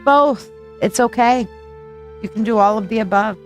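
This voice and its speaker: A woman's voice: fairly high pitch, moderate pace, soft background music. Chatty American woman in her forties. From United States. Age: 40s. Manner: chatty, swearing, reading chat aloud. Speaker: psychic reader. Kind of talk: live-stream chat with viewers.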